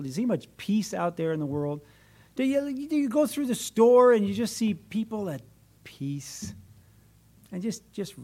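Male pastor, high voice, sermon delivery with dramatic loud-soft swings. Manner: wide swings between emphatic and hushed delivery.

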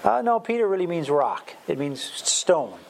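A man's voice: on the high side, sing-song, unhurried, creaky, a little hiss or hum. A man from Wisconsin teaching a Bible lesson in a sermon style, emphatic and full of fillers and restarts.

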